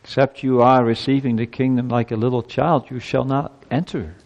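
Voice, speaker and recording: A male pastor preaches a sermon in a medium-pitched, darkish voice at a moderate pace, keeping a level tone though his intensity rises as he presses his points earnestly and emphatically. The audio is dull, with the long reverb of a church hall.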